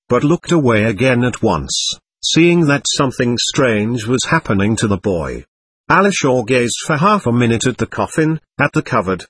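A man narrating a literary audiobook in an expressive, dramatic reading. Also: medium pitch, husky, dry recording.

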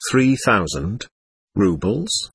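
A man's voice: lowish voice, very animated, drawn-out words, vocal fry, a bit bright, slightly rough, pitched below the performer's own voice, exaggerated voice. A man voicing a flighty, effusive middle-aged society lady in a storybook reading, sweetly condescending. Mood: airily dismissive.

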